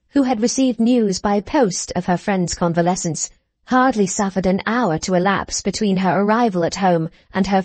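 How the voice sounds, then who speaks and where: A woman narrating a classic novel as an audiobook, in an even, unhurried storytelling manner. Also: mid-range voice, no echo. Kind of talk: scripted narration.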